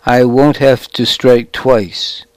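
A man's voice: mid-range voice, flat delivery, slow pace, clear, resonant tone, dry recording, natural voice. A man voicing a fierce, vengeful male soldier who speaks in an urgent, angry whisper in a storybook reading. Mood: seething.

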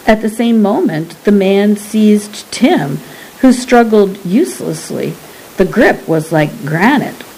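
A woman reading a story aloud as narrator, in a measured, deliberate way. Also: mid-range voice, lively intonation, darkish tone, husky, low-quality recording. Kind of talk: scripted audiobook narration.

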